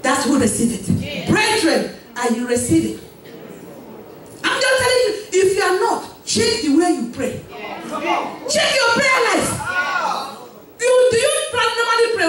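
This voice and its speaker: A fervent woman preacher with a very high, lively voice that swoops up into shouts. She is heard from a distance in a large, echoing church hall, and a congregation is clearly audible around her. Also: measured pace, pauses often, a crowd in the background. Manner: fervent, acts out pleading voices, bursts of shouting. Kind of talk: sermon.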